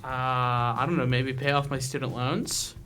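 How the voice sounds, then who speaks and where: A man's voice: mid-range voice, steady tone, measured pace, a bit bright. Laughing, protesting man. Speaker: co-host. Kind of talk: casual let's-play banter. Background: game music.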